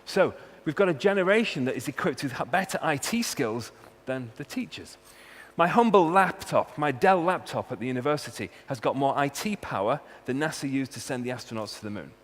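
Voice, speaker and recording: A man's voice: medium pitch, animated, brisk. Jokey Welsh man in a reverberant hall. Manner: jokey, punchy emphasis on key words. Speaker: university researcher giving a talk. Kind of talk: humorous conference talk. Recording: long hall reverb, faint hum.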